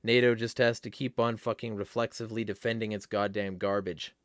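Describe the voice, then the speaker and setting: A man's voice: lowish voice, level tone, fairly quick, dry recording, studio quality. A man hosting a casual livestream, reading chat comments aloud and ranting bluntly with lots of profanity. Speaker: livestream host.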